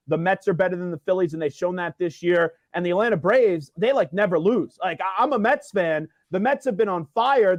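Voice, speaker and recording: A young man in his twenties talking sports by phone, opinionated and quick, with a light, self-mocking streak. His voice runs high for a man, and the sound is dry and close. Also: no echo, dull audio. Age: 20s. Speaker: sports radio guest. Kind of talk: phone interview, sports talk. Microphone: phone call.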